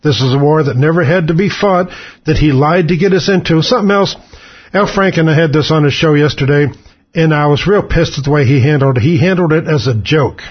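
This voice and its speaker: A man's voice: fairly high pitch, a little fast, breathy edge. A man hosting talk radio, delivering an angry, profane, sarcastic political rant on muffled lo-fi radio audio.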